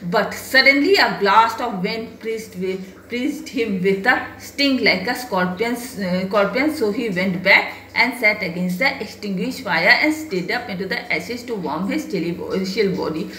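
A woman's voice: medium pitch, unhurried, few pauses, pushed and bright, a little hiss or hum. A woman teacher reads a story aloud and explains each line to her class, asking and answering her own questions with hesitant restarts. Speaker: English teacher. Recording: echoey room.

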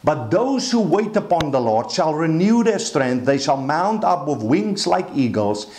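رجل واعظ بصوت مرتفع قليلاً في قاعة ذات صدى. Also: male voice, on the high side, very animated, a little slow, darkish tone, roomy sound, slight background noise. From Africa. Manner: reads scripture aloud and explains it, with repeated restarts. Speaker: pastor. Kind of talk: sermon. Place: church hall.

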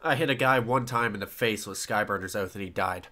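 A man from the United States hosting a podcast, telling stories in an animated way and swearing freely. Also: fairly low pitch, a little fast. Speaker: podcast host. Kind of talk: casual podcast chat.

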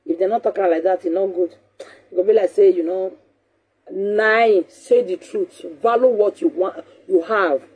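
Husky, mellow Nigerian woman host. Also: mid-range voice, moderate pace. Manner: animated, scolding, repeats points for emphasis. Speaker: talk show host. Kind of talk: casual talk show monologue.

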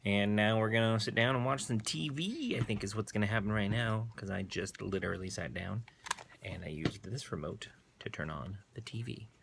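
A man's voice: on the low side, normal speed, vocal fry, background noise. A man hosting a casual daily vlog, narrating his errands and cooking with chatty, self-mocking asides. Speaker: vlog host. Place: car, stores and home kitchen.

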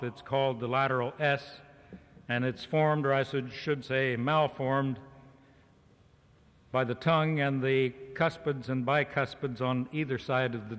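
Male speaker, mid-pitched, mock-lecturing a live audience, long hall reverb on an old cassette. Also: fairly bright tone. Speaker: speaker addressing a farm organization meeting. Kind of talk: humorous speech to a live audience.

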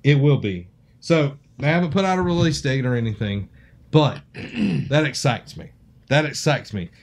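On a casual podcast, a male co-host teases his partner, jokes around and reads sponsor copy without much formality. He talks at normal speed in a relaxed, everyday voice of middle pitch.

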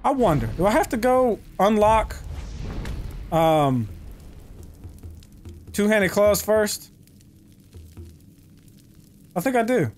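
A man giving casual, profane let's-play commentary, talking to himself and to the game and breaking into loud excited yells. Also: high-pitched, extremely slow, long pauses, a little hiss or hum. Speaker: gaming channel host.

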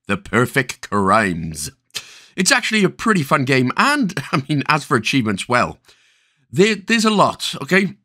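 A Welsh man narrates a game achievement walkthrough, his voice sitting a little high and swinging widely in pitch. He keeps dropping playful, jokey asides between instructions. He sounds like a regular gaming host talking straight to his viewers. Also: pushed and bright.

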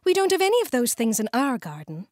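A woman's voice: a little high, huge pitch swings, fast talker, darkish tone, no room sound, studio quality, voice pushed up. A woman voicing a sensible, slightly prim little girl who scolds. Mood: scolding.

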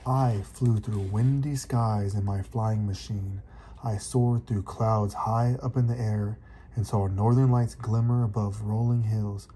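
A man's voice: fairly low pitch, steady tone, a little slow, dark tone, slight background noise, close to an everyday voice. A man voicing a dreamy, adventurous bear recalling flights, in a read-aloud storybook.

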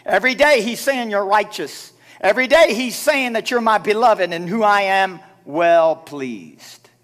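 A man preaching a sermon as a pastor in a church, building to loud emphatic repetitions and dropping low for quoted prayers. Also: animated, unhurried. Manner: preaching with rising, shouted emphasis and repeated phrases. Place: church sanctuary. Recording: live church sermon with music behind. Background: music.

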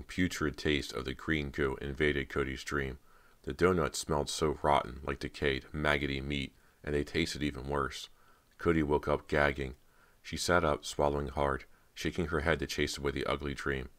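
A man narrating an audiobook in a steady, measured storytelling voice. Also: a bass voice.

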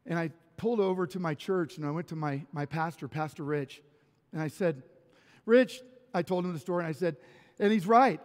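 High-voiced man preaching in an echoey church. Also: fairly quick. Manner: animated storytelling with self-deprecating humor and many restarts. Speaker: pastor. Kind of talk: sermon. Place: church sanctuary.

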